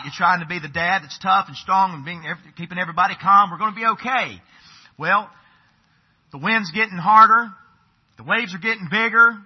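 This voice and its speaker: Folksy preacher, husky voice. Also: male voice, high-pitched, muffled recording. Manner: folksy, addresses listeners as folks. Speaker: pastor. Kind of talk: sermon storytelling.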